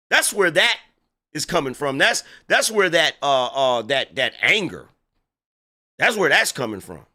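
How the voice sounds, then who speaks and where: Reacting to an interview clip, this middle-aged political commentator is sarcastic and indignant, tossing in mocking asides. His fairly high, sing-song voice is bright and forceful, moving a little slowly.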